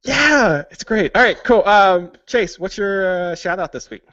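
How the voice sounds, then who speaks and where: A man's voice: high voice, animated, a little slow, fairly bright tone, no echo, lo-fi sound. A man hosting a podcast, talking casually and joking, with lots of fillers. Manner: chatty, jokey, many fillers. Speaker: podcast host. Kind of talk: casual chat.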